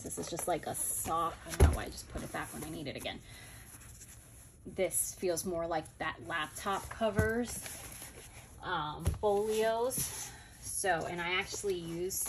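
Here the same kind of casual haul plays out: a woman gushes over planners while showing them, musing aloud along the way. She speaks in a lowish voice, with a faint hiss or hum on the recording.

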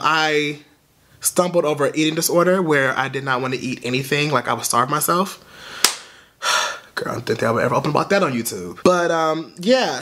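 A young man hosting a casual reaction vlog, sassy and expressive, swearing freely. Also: on the high side. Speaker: YouTube reaction host.

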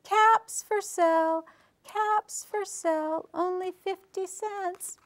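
Woman reading aloud as a fuming picture-book cap seller, drawn-out shouts, raised pitch. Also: fairly even intonation. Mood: calling out. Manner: slow, shouted scolding. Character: angry male cap peddler from a storybook.

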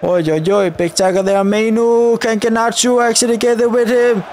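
A young man giving live commentary over a football video game, shouting at the referee in frustrated outbursts. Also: high voice, steady tone, moderate pace, slight background noise. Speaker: gaming YouTuber.

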